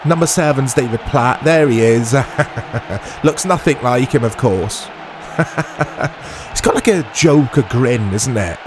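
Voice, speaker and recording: Long pauses mark this gaming channel host's slow, medium-pitched delivery, with background noise present. He jokes and chats his way through a let's play, laughs a lot, and breaks into excited play-by-play.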